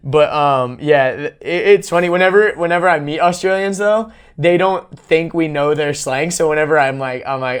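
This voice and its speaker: A man's voice: on the high side, moderate pace, hardly any pauses, smooth. A man hosting a podcast in casual chat, laid-back, laughing often and swearing freely. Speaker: podcast host.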